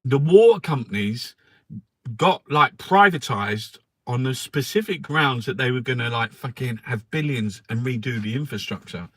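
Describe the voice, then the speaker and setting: A man's voice: mid-range voice, expressive, normal speed, a bit bright, no room sound. A man who reviews the newspapers in an angry, profane political rant. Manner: angry, profane, swears constantly.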